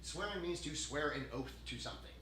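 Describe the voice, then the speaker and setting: A man hosting a podcast, talking casually in a rambling, profane, animated way. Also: on the high side, fairly quick. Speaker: podcast host. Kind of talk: casual chat. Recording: echoey room, mic at a distance, faint hiss.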